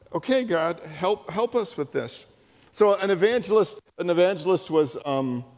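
Man preaching, high voice, lively storytelling, repeats words, echoing church hall. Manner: animated, full of restarts and repetitions. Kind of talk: sermon with storytelling. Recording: long hall reverb.

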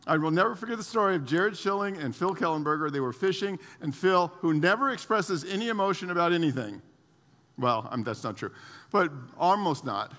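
Man, pastor, lively sermon, bright high voice, laughs a lot, repeats himself, church hall with long echo. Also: brisk. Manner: animated, laughs often, repeats words.

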